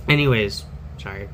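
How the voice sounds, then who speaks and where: A man's voice: medium pitch, creaky, fairly bright tone, a little hiss or hum, rough recording. A man telling a personal story in a candid, rambling way, full of fillers and restarts.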